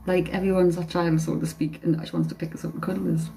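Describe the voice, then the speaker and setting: A woman's voice: on the low side, level tone, fast talker, gravelly, mellow, slight background noise, rough recording. A woman working as a psychic medium, giving a live-stream reading in a hesitant way, repeating phrases and humming song lines, speaking into a phone.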